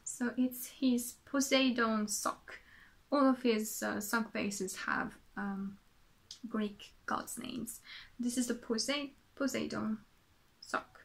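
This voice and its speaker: A French woman hosting a casual podcast, talking at an unhurried, easy pace. Her voice sits a little high, and she rambles, corrects herself and makes small asides to herself along the way. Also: steady tone, vocal fry. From France. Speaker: knitting podcast host. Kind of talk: casual show-and-tell chat.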